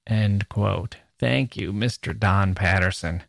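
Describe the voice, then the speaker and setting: A man hosting a podcast about poetry, talking in an animated way and acting out rhythms with nonsense syllables. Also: fairly low pitch, a little slow, creaky, no echo. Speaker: podcast host.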